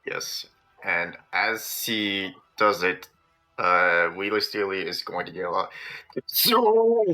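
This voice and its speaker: A man playing a tabletop game, thinking aloud slowly about moves and rules. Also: deep voice, flat delivery, sharp tone, soft background music. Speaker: player.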